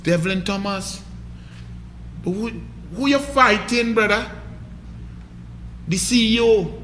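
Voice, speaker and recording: A Trinidadian man rants through political commentary, his voice very high and bright with a sharp edge. He scolds and mocks in a combative way, and the sound carries a roomy echo. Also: slow pace, a little hiss or hum.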